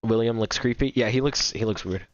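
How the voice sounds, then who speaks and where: A man's voice: mid-range voice, fairly quick, lo-fi sound, slight background noise. Rambling young man streaming a game. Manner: rambling, repetitive, apologetic. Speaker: gaming streamer. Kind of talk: casual reaction commentary while chatting with viewers.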